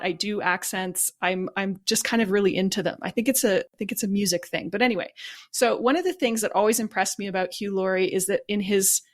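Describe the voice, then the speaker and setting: Female panelist, mid-pitched, eager, draws words out to stress them. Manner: enthusiastic, stretches words for emphasis. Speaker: podcast panelist. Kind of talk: casual panel discussion.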